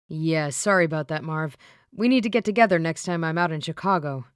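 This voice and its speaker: A woman's voice: deep voice, fairly quick, smooth, no room sound, studio quality, lightly acted. A woman voicing a polite, earnest young man in an audiobook.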